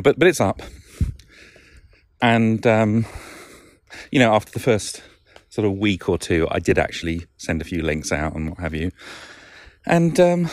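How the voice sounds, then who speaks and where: A man with a Lancashire accent hosts a casual solo podcast, rambling along, putting himself down and chuckling often. His voice is on the low side, with no echo.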